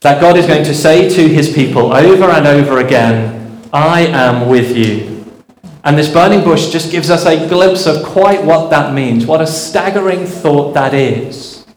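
A man's voice: a little high, normal speed, darkish tone, roomy sound, a little hiss or hum, poor audio. A man preaching a sermon, earnest and storytelling, asking rhetorical questions.

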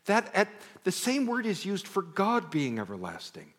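Male preacher, slightly high voice, lively swooping delivery, conversational sermon, long church reverb. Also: moderate pace, slightly rough. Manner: animated, conversational, self-interrupting, drops to near whisper. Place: church sanctuary.

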